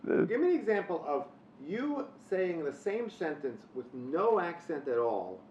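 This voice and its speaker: A man's voice: on the high side, very animated, unhurried, slight background noise. A man interviewing, prompting his guest with short questions. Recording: quiet, dull lo-fi recording from off-mic.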